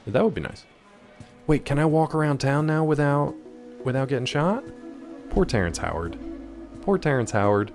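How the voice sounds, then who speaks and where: A man's voice: fairly high pitch, animated, normal speed, long pauses, soft background music. A young man chatting casually on a live stream, answering chat and hopping between topics while he plays. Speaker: game streamer.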